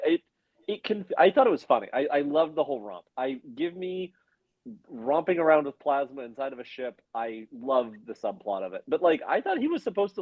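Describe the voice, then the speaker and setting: A man's voice: fairly high pitch, husky, no room sound, narrow, tinny audio. A man co-hosting a podcast in casual chat, rambling and stumbling animatedly over his words. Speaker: podcast co-host.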